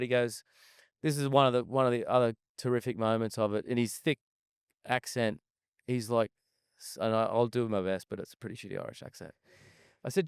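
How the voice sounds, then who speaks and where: A man with a smooth, clear voice of middling pitch tells a rambling, profane story as a guest chef. The sound is close and dry, with no room around it. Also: brisk, dry recording. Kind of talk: casual storytelling in an interview. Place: outdoor desert festival camp.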